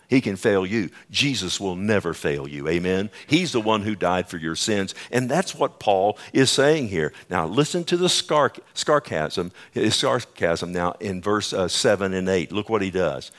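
Male pastor, lowish voice, preaching a sermon with emphatic rises and rhetorical questions. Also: animated, unhurried, hardly any pauses, a bit bright.

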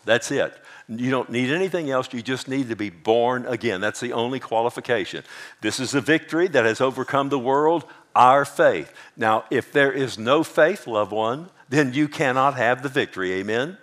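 A male pastor preaching a sermon, emphatic, repeating key points, reading scripture verses slowly and often asking his listeners "amen?". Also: mid-range voice, fairly bright tone.

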